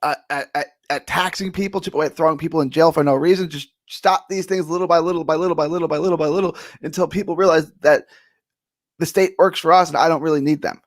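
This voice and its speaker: A man's voice: a little high, steady tone, fast talker. A man arguing his side in a podcast debate, casual and repetitive. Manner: casual, argues his side with repeated phrases. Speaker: debate guest. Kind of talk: political debate.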